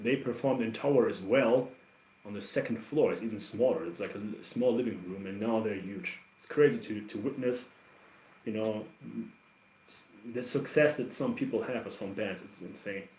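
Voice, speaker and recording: A man hosting a livestream, casually chatting through viewer comments and telling stories in a rambling, animated way with lots of restarts. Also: fairly low pitch, moderate pace, slight background noise. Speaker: livestream host reacting to music. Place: home. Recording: roomy, somewhat dull stream audio.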